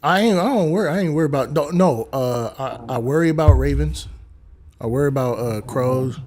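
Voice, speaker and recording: A man's voice: medium pitch, fairly quick, darkish tone, a little hiss or hum. A man, hosting a live stream and telling rambling comic stories, slipping into voices. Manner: rambling storyteller, slips in voices. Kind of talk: casual comedic chat on a live stream.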